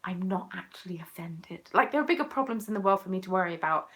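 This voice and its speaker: A woman's voice: fairly low pitch, animated, fast talker. Chatty English woman with muttered asides. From England. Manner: playful and chatty, muttering asides under her breath. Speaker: crafting vlogger hosting a chat. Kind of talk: casual chat.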